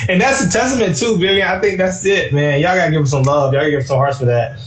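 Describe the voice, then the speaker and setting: A man's voice: on the high side, fast, roomy sound, rough recording. Easygoing talkative male host. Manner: relaxed, talkative, lots of "you know" and "man". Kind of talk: casual live-stream interview.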